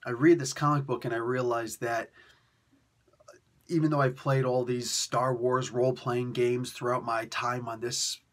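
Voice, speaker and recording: A man reviewing comics on video in a ranting, sarcastic way, swinging between loud outbursts and quiet mutters, and sounding tired. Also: mid-range voice, little pitch movement, measured pace. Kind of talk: animated solo video review.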